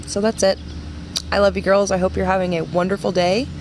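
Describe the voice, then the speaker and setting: A woman's voice: mid-range voice, flat delivery, fairly quick, slight background noise. A young woman leading a women's ministry, giving an earnest devotional talk and repeating phrases for emphasis.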